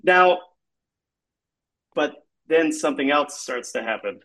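Slow, rambling male storyteller. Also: a little high, expressive, fairly bright tone, low-quality recording. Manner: rambling, heavy use of filler "like". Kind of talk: improvised comedic storytelling.

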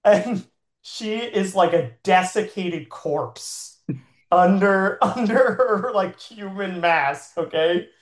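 A man's voice: high-pitched, takes it slowly. Rambling man telling an echoey comic tale. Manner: rambling with frequent "like" fillers and laughs. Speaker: improv storyteller. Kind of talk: comedic improvised storytelling.

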